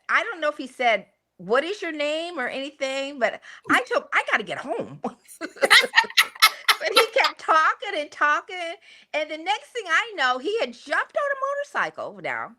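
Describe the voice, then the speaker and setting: A woman in her sixties, a mother telling family stories in a casual chat, laughing often. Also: high voice. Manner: animated, laughing storyteller. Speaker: guest, the host's mother.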